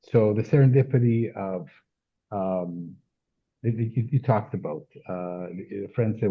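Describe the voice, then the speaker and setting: A man hosting an interview, halting, restarting and repeating words as he asks questions. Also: fairly low pitch, slightly rough, narrow, tinny audio. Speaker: interviewer host. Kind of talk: casual interview conversation.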